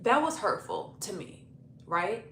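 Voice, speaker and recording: A woman's voice: medium pitch, slow pace. Chatty young woman telling a story. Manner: animated, chatty, profane, laughing storytelling. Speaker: YouTube storyteller. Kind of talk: casual storytime vlog. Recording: roomy echo, faint noise.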